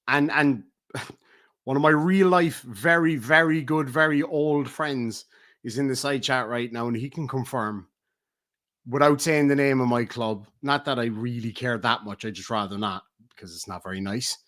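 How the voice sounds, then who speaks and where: A middle-aged Irish man ranting on a livestream, profane and taunting, swinging between loud outbursts and low mutters. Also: moderate pace. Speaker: streamer. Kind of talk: heated livestream rant.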